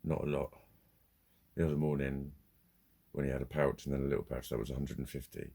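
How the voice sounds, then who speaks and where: A man with a very low, gravelly, husky voice rants about his day in a sweary, heated monologue. He tells it as casual storytelling and laughs in bursts along the way. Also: flat delivery, brisk, mellow. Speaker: vlogger.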